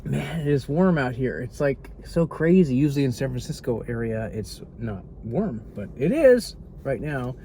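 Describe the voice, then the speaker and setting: A man's voice: mid-range voice, lively intonation, normal speed, few pauses, dark tone. Rambling man vlogging over road noise. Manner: rambling, easily distracted, dry joking asides. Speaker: travel vlogger. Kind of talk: casual vlog chat to camera.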